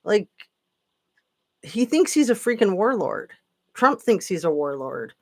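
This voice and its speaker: A woman hosting a political commentary channel rambles through a late-night live stream, tired and sarcastic and leaning on lots of fillers. Her medium-pitched voice is sing-song and unhurried.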